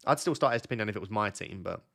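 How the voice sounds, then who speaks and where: A man's voice: lowish voice, lively intonation, rapid-fire, creaky, a bit bright. A young man hosting a casual late-night live stream from his bed at home, chatty and teasing as he talks to his chat. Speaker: fantasy football streamer, host.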